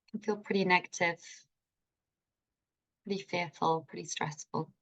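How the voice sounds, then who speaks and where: A woman's voice: on the low side, fairly even intonation, moderate pace, a bit bright. A woman leading a live online healing masterclass, enthusiastic and informal, with playful turns of phrase. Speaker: healing workshop teacher.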